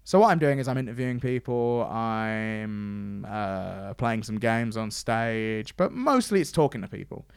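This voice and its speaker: A man telling convention stories in casual chat, acting out quoted lines in a higher voice. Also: lively intonation, unhurried, creaky, smooth, no room sound, clean studio sound. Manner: chatty storyteller, acts out quotes in a higher voice. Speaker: podcast host and stage host.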